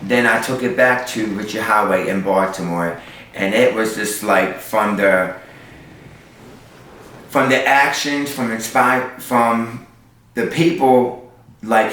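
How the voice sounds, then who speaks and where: In a storytelling interview, a male street performer spins tales sassily and throws in sound effects. His voice is fairly low, slow and a bit bright, recorded in an echoey space with the mic far away.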